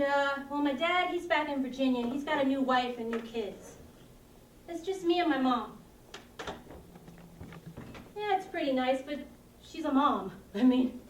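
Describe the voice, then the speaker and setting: A woman with a high voice plays a lonely, awkward seventh-grade girl confiding to her camcorder, rambling and giggling self-consciously. Recorded on the camcorder mic from a distance, the sound is roomy with a little hiss or hum.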